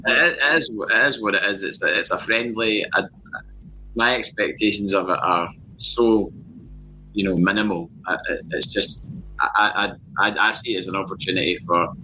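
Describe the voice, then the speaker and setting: Bright-voiced Scottish man telling stories. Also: fairly low pitch, normal speed, slight background noise, rough recording. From Scotland. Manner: rambling storyteller, stammers on restarts. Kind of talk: casual chat.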